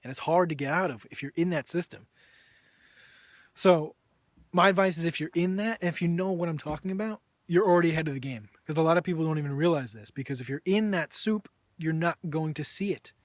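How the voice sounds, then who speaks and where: Dude ranting earnestly to camera, pitch a bit high, dry sound. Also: male voice, fairly quick, dry recording. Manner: earnest, preachy, many restarts. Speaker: vegan video blogger and author. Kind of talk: opinion monologue.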